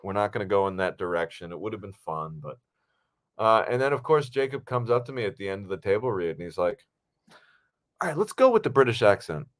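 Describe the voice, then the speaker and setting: A man co-hosting a podcast from home on a video call, telling a relaxed, rambling story with many fillers. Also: deep voice, fast. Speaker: podcast co-host and actor. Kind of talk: casual podcast chat. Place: home, at a computer.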